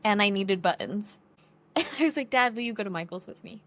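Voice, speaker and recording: A woman's voice: mid-range voice, fairly quick. A young woman co-hosting a podcast, chatting casually and acting out family quotes as she tells stories. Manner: lively storyteller, acts out quotes. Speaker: podcast co-host. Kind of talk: casual chat.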